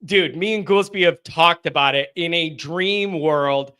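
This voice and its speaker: High, bright-voiced male live-stream host. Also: a little slow, clean tone. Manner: animated, ranting and sarcastic. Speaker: host of a live fan call-in show. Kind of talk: casual live-stream chat reading viewer comments.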